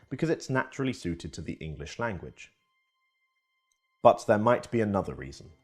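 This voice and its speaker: A man with a low, slightly husky voice narrates an educational piece from a script. His delivery swings widely in pitch, keeping the telling lively. Soft music plays underneath.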